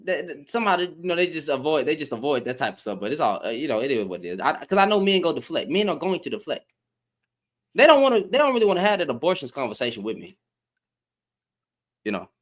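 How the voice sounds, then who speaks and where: A man's voice: a little high, very animated, fast talker. A man hosting a live stream, giving heated commentary in an exasperated tone, repeating himself for emphasis and swearing.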